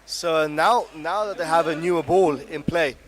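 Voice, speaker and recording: A man's voice: on the high side, normal speed. A man co-commentating a cricket match, asking questions and reacting with enthusiasm. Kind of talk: live sports commentary.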